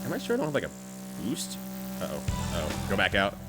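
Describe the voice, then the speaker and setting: A man's voice: deep voice, wildly swooping pitch, fairly quick, over loud music. A young man streaming a racing game, chatting casually with viewers, swearing freely and laughing often.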